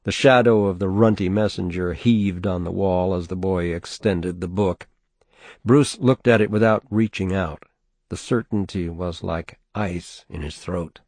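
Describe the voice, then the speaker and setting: Low-voiced male audiobook narrator. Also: unhurried, darkish tone, no room sound. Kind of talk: scripted narration.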